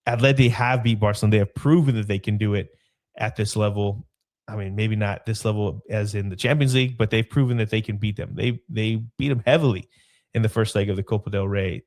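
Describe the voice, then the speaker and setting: A man hosting a casual football podcast alone, talking in a loose, rambling way with his voice gone hoarse. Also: fairly low pitch, brisk, a little mellow. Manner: loose, rambling, with frequent fillers and restarts. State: hoarse, voice partly lost. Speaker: podcast host.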